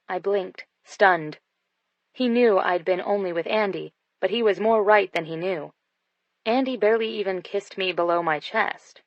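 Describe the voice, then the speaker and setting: A woman's voice: medium pitch, normal speed, no room sound. A woman narrating a first-person romance audiobook in an intimate storytelling manner. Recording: dull dry studio sound.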